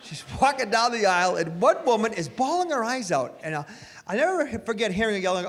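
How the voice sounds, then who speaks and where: Animated male stand-up comedian. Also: high voice, a little fast, slight background noise. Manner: animated, acts out voices. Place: stage in a hall. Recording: live stage hall reverb.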